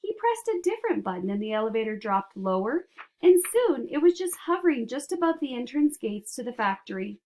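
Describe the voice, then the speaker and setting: Woman narrator, children's audiobook; expressive, animated, slightly high voice. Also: a little fast.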